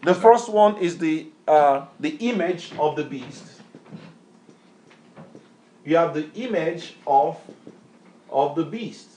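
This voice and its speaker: A man's voice: fairly high pitch, animated, slow pace, long pauses, dark tone, slight background noise. A man preaching a bible lesson, emphatic, repeatedly quizzing a reader with questions. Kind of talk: street-style bible teaching sermon.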